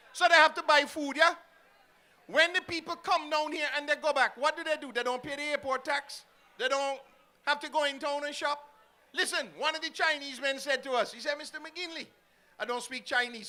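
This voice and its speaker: A man's voice: extremely high pitch, a little fast, sharp tone. A man with an Antiguan accent speaking at an outdoor political rally, firing rhetorical questions at the crowd.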